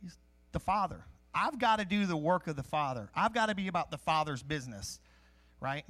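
A man preaching a sermon in a conversational, animated way, teaching from scripture with jokes and asides. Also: fairly high pitch, brisk. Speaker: pastor. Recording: live-streamed sermon.

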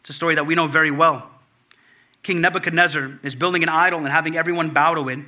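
A man preaching a sermon, with a very bright, ringing voice pitched a little high. He talks in a loose, conversational way, full of fillers and restarts, and he builds to a fervent, raised delivery as he retells the story. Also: fairly even intonation, fast talker. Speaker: pastor.

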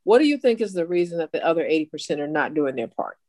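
A woman's voice: low voice, big pitch swings, fast, mellow, no echo. A woman in a church discussion class asking probing follow-up questions.

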